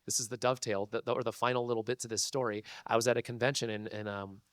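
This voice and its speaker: Voice actor at a convention panel, young man, casual and animated, mid-range voice, dry mic. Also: mid-range voice, fast talker, no echo. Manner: casual and chatty, full of "like" and "dude", laughs between lines. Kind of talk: animated storytelling to a live audience.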